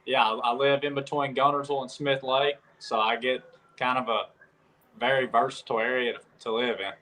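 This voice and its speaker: A man's voice: mid-range voice, flat delivery, fairly quick, pushed and bright, low-quality recording. A nineteen-year-old man from Alabama with a strong rural Southern accent, answering podcast questions in a plain, humble way. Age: young adult. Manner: plain-spoken, humble, strong country drawl. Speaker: guest angler. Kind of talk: podcast interview.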